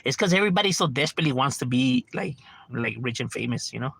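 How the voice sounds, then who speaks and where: A man's voice: mid-range voice, lively intonation, fast, vocal fry, fairly bright tone, husky. A middle-aged man streaming a game from home, ranting casually with lots of profanity and constant "bro.". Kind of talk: casual livestream rant.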